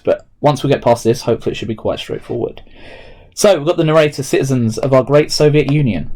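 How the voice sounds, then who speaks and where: A man's voice: mid-range voice, dark tone. A man, a history teacher recording a remote lesson and explaining each step aloud as he types notes.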